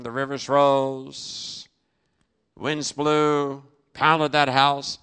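A man preaching a sermon, emphatic, with sudden loud bursts, sudden quiet drops, and rhetorical questions he answers himself. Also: on the high side, clean tone.

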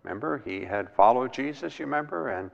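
Gravelly preacher with a lively delivery. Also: male voice, medium pitch, brisk, lo-fi sound. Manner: emphatic, repeats words, asks the listeners questions. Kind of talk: sermon. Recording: long hall reverb.

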